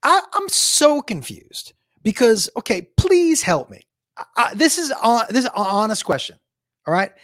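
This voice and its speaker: A man hosting a podcast in a casual, rambling chat, animated and swearing freely. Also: high voice, dry recording, clean studio sound.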